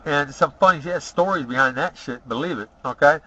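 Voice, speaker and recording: A man's voice: a little high, fairly quick, pushed and bright. A middle-aged man rambling through boastful, profane personal stories, tagging his lines with "okay?". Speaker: storyteller. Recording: dull lo-fi recording.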